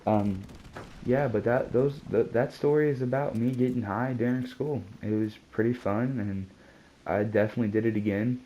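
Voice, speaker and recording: A man's voice: mid-range voice, normal speed, dark tone, lo-fi sound, a little hiss or hum. A man telling a casual storytime vlog, rambling and slangy, peppering his talk with "dude" and curse words. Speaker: vlogger.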